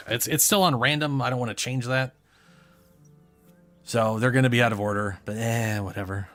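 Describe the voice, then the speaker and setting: A man hosting a let's play, giving casual gameplay commentary, excitable, swearing and laughing often. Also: mid-range voice, moderate pace, gravelly, long pauses, soft background music.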